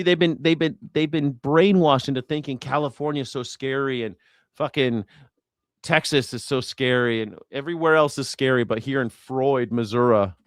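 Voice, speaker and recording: A man's voice: mid-range voice, smooth, no room sound, studio quality. A man hosting a live news reaction show, talking casually in a rambling, profane way and correcting himself as he goes.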